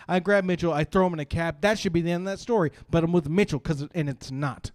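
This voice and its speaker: A young man from Canada doing profane, animated stand-up storytelling on a live stream, jumping into shouted punchlines. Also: on the high side, fast, few pauses, noisy background. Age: young adult. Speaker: stand-up comedian.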